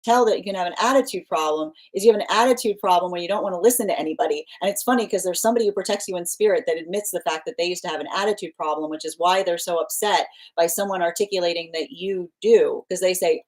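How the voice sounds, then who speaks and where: A woman's voice: lowish voice, fast talker, few pauses. Rambling, emphatic woman tarot reader. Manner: rambling, repeats phrases, many restarts and fillers; emphatic, insistent. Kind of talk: live tarot reading.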